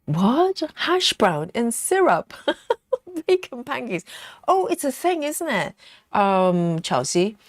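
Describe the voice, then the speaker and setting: A woman's voice: on the high side, big pitch swings, takes it slowly, no echo, studio quality. A woman hosting a casual live stream, chatting and giggling as she reads viewer comments aloud. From United Kingdom.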